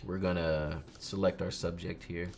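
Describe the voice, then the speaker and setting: A young man, a photographer, chatting casually on a livestream while he edits photos and teaches, in an animated, ranting way, often mimicking other people. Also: low voice, unhurried, creaky, soft background music.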